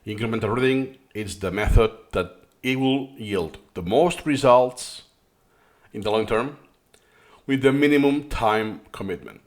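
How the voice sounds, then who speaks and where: Speaking at a measured pace in a medium-pitched voice, a man hosts a course and explains a study method in reaction-style format, often restarting. His first language is not English, which he speaks as his third.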